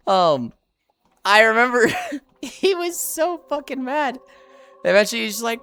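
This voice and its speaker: A woman's voice: fairly low pitch, brisk, dry recording, faint music behind. A woman in her thirties streaming live, chatting casually with her chat and friends, telling stories with lots of laughter. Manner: animated storytelling, laughs often.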